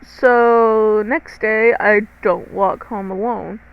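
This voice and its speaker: A woman's voice: medium pitch, steady tone, takes it slowly, creaky, clean tone, phone-quality sound. A teenage girl narrating a storytime to viewers, chatty and dramatic, swearing freely and talking straight to the audience. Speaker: storytime vlogger.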